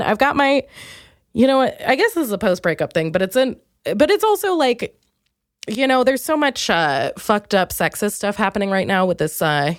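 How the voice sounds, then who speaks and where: In a dry, studio-quality recording, a young female comedian runs through a loose comic monologue on her podcast, poking fun at herself and breaking into sudden high, excited quotes.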